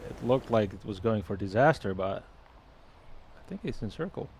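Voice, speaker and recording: A man with a gravelly, low voice adds easygoing color commentary, his remarks often fading to a soft trail. A faint outdoor ambience hums behind him. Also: normal speed, slight background noise. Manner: relaxed, understated analysis, often trailing off softly. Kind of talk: live sports commentary.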